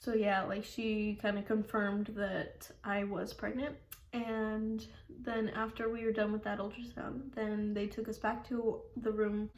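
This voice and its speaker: A woman's voice: medium pitch, level tone, measured pace. Young woman vlogger, rambling casual storyteller, says "like" a lot, laughs easily, roomy echo. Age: young adult. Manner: rambling, fills with "like", laughs often. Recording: echoey room.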